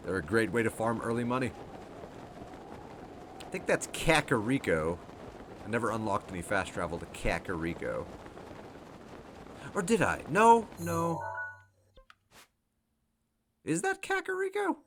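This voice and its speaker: A man's voice: fairly low pitch, sing-song, moderate pace, long pauses, a bit bright, a little hiss or hum. A man giving casual let's play commentary who thinks aloud, laughs often and swears freely. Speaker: game streamer.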